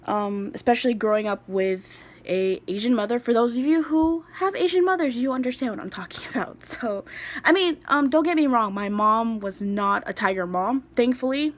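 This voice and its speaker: A woman's voice: on the high side, normal speed. A young adult woman chatting casually on a phone recording, introducing herself as a craft vlogger in a rambling way with laughing asides.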